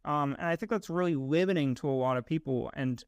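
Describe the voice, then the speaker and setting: A man's voice: on the high side, a little fast, a little mellow, clean tone, dry recording, highs cut off. Young man, from Massachusetts, podcast co-host, reflective casual talk, dry close sound. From Massachusetts, USA. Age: young adult. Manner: reflective, uses fillers like "right?" and "you know".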